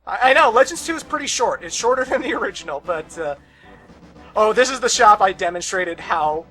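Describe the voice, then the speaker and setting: Bright-voiced young man gaming commentary. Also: high voice, animated, a little fast, soft background music. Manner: sarcastic, ranting asides, swears. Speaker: let's play host. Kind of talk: casual game commentary.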